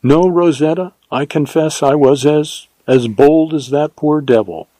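A male narrator giving voice to a devoted frontier ranger in a western audiobook, speaking in a quiet, earnest and steady way. His tone is mellow and warm. The recording is close and dry. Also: a little high, a little slow, no room sound, pitched above the performer's own voice, lightly acted. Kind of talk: audiobook character reading.

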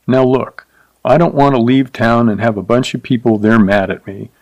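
A man's voice: medium pitch, steady tone, normal speed, a little mellow, dry recording, lo-fi sound, close to an everyday voice. A man voicing a meek young cowboy who speaks apologetically and pleads in a storybook reading. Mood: apologetic.

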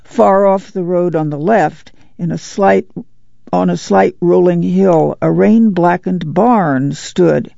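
Audiobook narrator, steady measured reading, heavy vocal fry, mellow, dry muffled sound. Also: medium pitch, no room sound.

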